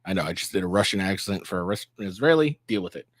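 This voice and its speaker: Man, rambling sarcastic commentary vlogger, animated pitch, dry close sound. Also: quick pace, dry recording. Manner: rambling, with fillers and sarcastic asides. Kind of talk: casual reaction commentary.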